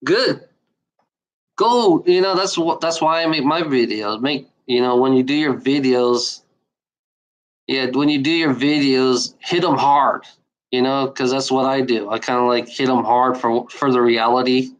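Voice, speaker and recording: A man vents in a loose, unscripted video rant. He speaks bluntly and swears often, stumbling through restarts and fillers. His voice sits at an ordinary middle pitch. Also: unhurried, low-quality recording. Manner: blunt, profane, repeats himself with many fillers. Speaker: video maker.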